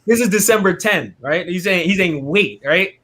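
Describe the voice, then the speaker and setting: A man tells his faith testimony during an interview, speaking at normal speed in a slightly high voice. His manner is casual and lively; he often adds "right?" and acts out other people's words as the story unfolds.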